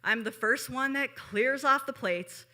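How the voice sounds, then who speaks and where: A woman's voice: high voice, unhurried, bright, forceful tone. A woman from Chicago telling a personal story on stage in a chatty way, with frequent asides to the audience. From Chicago, USA. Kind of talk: live storytelling.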